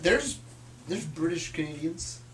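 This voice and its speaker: A man's voice: a little high, animated, measured pace, a bit bright. A young man co-hosting a casual chat, joking and teasing. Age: young adult. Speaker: co-host. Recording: echoey room.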